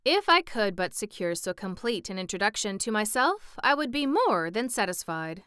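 A woman's voice: medium pitch, big pitch swings, normal speed, pushed and bright, clear, resonant tone, dry recording, clean studio sound, voice pushed up. A woman voicing a gloomy, newly made flying creature in a storybook reading, with a pensive, careless manner. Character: new-made Gump creature, gloomy, solemn, detached. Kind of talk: audiobook reading.

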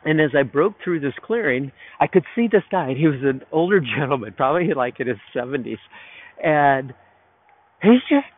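Out in a park, a male podcast host delivers a reflective solo monologue, telling a loose, rambling story. His mid-range voice is expressive and brisk, and the audio has a narrow, phone-like quality.

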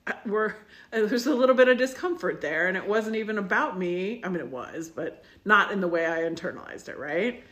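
A woman's voice: mid-range voice, animated, fairly quick, a bit bright. A woman co-hosting a podcast, telling a personal story in a rambling, reflective way with lots of fillers. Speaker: podcast co-host. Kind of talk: casual chat.

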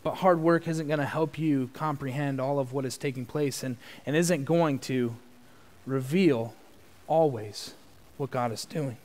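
A man preaching a sermon in an earnest tone, swelling into loud emphasis. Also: mid-range voice, measured pace. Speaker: pastor. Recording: long church reverb.

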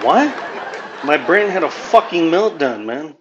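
A man's voice: fairly high pitch, sing-song, unhurried, a bit bright, a faint crowd, slight background noise, poor audio. A man from Southern California doing a profane, rambling stand-up monologue as a podcast host, dropping Spanish phrases into his English. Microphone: home podcast mic.

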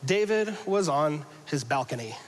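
A man preaching a conversational sermon to a congregation, joking casually and swinging between loud emphasis and hushed passages. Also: a little high, expressive, a little slow, long reverb tail, a little hiss or hum, rough recording. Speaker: pastor. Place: church hall with a congregation.

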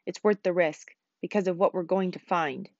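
A woman's voice: fairly low pitch, steady tone, normal speed, no room sound, muffled recording, close to an everyday voice. Woman narrator voicing a brash, dismissive young man in a storybook read-aloud. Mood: confident. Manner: assertive, dismissive. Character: boastful confident young man planning a trip.

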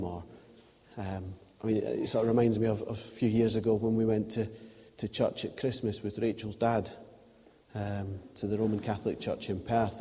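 Mellow preacher in a reverberant church. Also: male voice, on the low side, slight background noise. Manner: chatty storytelling with acted-out quotes. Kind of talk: sermon.

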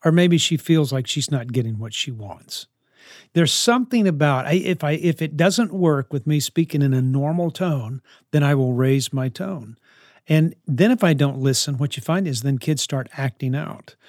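A man's voice: on the high side, normal speed, darkish tone, dry recording, clean studio sound. Earnest man giving parenting advice. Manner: earnest, coaching, with frequent restarts. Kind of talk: answering parenting questions.

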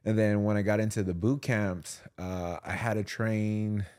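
A male fitness trainer joins a podcast as a guest. He speaks in a lowish voice and explains his work in a relaxed, plain way during easy conversation. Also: measured pace. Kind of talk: casual podcast chat.

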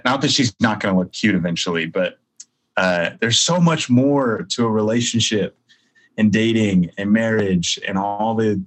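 A man's voice: on the low side, a bit bright, rough recording. A man co-hosting a podcast, talking candidly about dating in a self-deprecating, rambling way. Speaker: podcast co-host. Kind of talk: casual chat.

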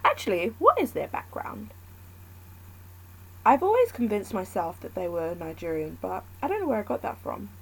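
A woman's voice: medium pitch, very animated, moderate pace, fairly bright tone, breathy edge, low-quality recording. A woman talking alone in a casual, candid chat, thinking aloud and rambling between points.

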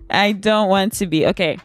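A young woman telling a personal story in a candid, blunt, emotional way, laughing often. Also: medium pitch. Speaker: vlogger. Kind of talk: casual storytime.

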